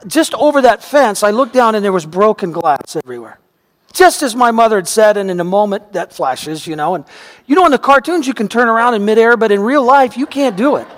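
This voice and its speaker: Male pastor with a high voice, animated storytelling sermon, recorded in a reverberant church sanctuary. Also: brisk. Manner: animated storyteller, voice rising and shouting at dramatic moments. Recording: long reverb of a large hall.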